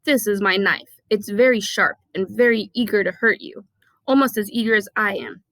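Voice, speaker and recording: A woman's voice: medium pitch, moderate pace, a bit bright, no echo, natural voice. A woman voicing a sneering, scheming male villain in a storybook reading, mocking and snarling. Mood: menacing.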